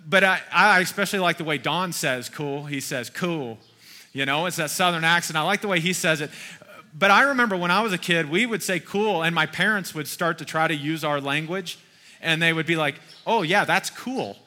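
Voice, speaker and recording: A man's voice: on the high side, fairly quick, bright, forceful tone, long reverb tail. A man in his forties preaching a sermon in a folksy, conversational way, asking his listeners questions as he goes. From Kentucky. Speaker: pastor.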